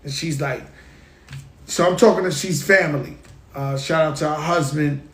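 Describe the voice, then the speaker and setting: A man hosting his own show, telling stories in a lively, casual way. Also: on the high side, normal speed. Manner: animated, tells stories with hype and sound effects. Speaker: show host. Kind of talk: casual storytelling monologue. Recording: roomy echo.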